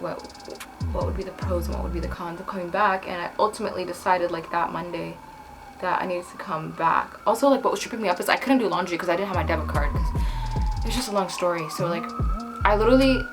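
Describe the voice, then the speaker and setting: A young woman telling a casual storytime while doing her makeup, chatty and animated, with lots of "like". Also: lowish voice, fast. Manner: chatty, heavy use of "like", animated retelling. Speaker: vlogger. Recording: background music.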